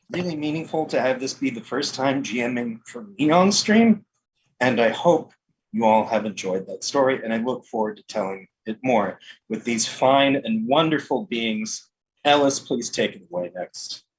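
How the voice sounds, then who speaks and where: A game master giving closing thanks on a live stream, talking in halting phrases with pauses and trailing asides. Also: medium pitch, animated, a little hiss or hum, low-quality recording.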